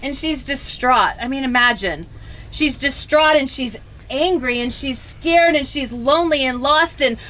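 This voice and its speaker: High-voiced woman giving a funeral sermon. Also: measured pace, low-quality recording. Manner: expressive storytelling with wry humor, speaking to mourners directly. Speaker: officiant at a funeral.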